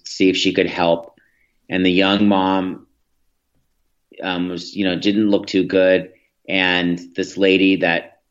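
A man's voice: low-pitched, fairly bright tone. A man in his thirties, a guest telling earnest stories in an interview, with frequent restarts. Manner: earnest, anecdotal, with many restarts. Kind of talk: storytelling in a podcast interview. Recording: dull lo-fi audio.

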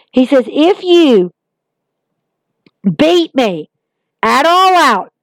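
A fairly high-voiced woman recaps wrestling shows in a casual, emphatic way, repeating phrases as an exasperated fan would. Her voice sits close and dry, with no room sound. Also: no room sound. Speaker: wrestling podcast host.

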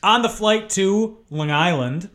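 A man's voice: sits high, takes it slowly, fairly bright tone. A young man co-hosting a podcast, recapping a movie in casual, sarcastic chat and laughing often. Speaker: podcast co-host.

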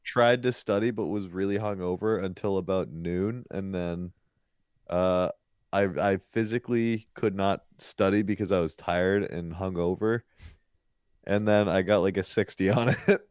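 A man's voice: sits low, a little slow, darkish tone, clear, resonant tone, dry recording, studio quality. A man in his twenties co-hosting a podcast in casual chat, playfully quizzing the others. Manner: teasing quizmaster, playful. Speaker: podcast co-host.

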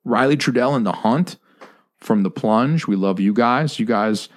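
A man's voice: medium pitch, measured pace. A man co-hosting a podcast, chatting casually in a profane, joking, rambling way. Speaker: podcast co-host.

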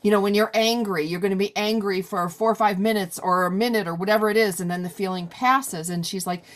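A woman in her forties chats casually in a mid-range voice, talking fairly quickly with hardly any pauses. She speaks loosely, filling her talk with lots of "like" and "you know".

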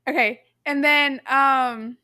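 A woman's voice: sits high, steady tone, slow pace, pushed and bright, no room sound. A woman co-hosting a casual podcast chat, rambling with fillers and restarts and laughing easily. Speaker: podcast co-host reading the quiz.

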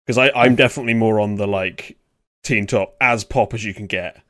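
A man's voice: fairly low pitch, brisk, pushed and bright, no echo, studio quality. A man hosting a podcast, chatting casually and laughing easily with his guests. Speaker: podcast host. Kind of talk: casual chat.

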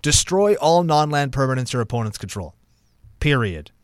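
A mid-pitched man chatting on a podcast about card games. He reads rules aloud and reacts with loud, cheerful profanity. The recording is close and dry. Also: sing-song, normal speed, dry recording. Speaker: podcast co-host. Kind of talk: casual card game chat.

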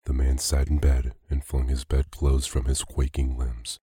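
Man, sleep-story narrator, extremely low voice, husky, flat, dry close sound. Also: no echo. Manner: slow, calm, even reading.

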